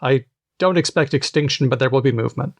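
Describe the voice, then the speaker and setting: A man's voice: mid-range voice, quick pace, no room sound. A man co-hosting a podcast, explaining things in an easygoing, casual chat. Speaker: podcast co-host.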